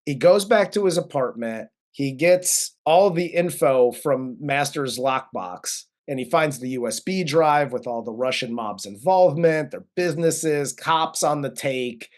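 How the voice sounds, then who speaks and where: A man co-hosting a movie review, casually recapping the plot, relaxed and profane with frequent laughs. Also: fairly high pitch, measured pace, hardly any pauses. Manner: laid-back, profane, laughs often. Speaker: co-host of a movie review show.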